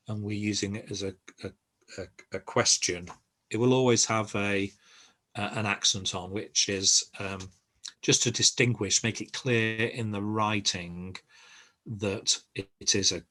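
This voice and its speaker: Slow, halting older man teaching. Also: on the low side, a bit bright. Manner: patient, halting explanations with many pauses. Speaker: language teacher. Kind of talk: online group lesson. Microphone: video call.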